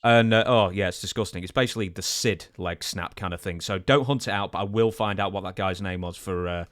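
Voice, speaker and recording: A man's voice: low voice, fairly quick, a bit bright, no room sound, studio quality. A man hosting an interview, talking casually and stumbling over his words. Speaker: interview host.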